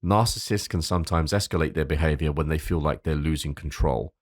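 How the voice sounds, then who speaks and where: A man's voice: a bass voice, brisk, dry recording, studio quality. A man hosting a solo advice podcast. He reads from a script, stumbles over repeated words, and drops into casual asides, sometimes with a swear. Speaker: podcast host.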